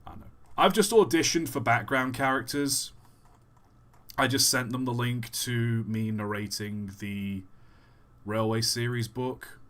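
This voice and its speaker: A young man streaming a game and chatting casually, rambling and correcting himself, then bursting into excited exclamations. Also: medium pitch, unhurried. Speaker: live streamer. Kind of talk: casual live-stream chat while gaming.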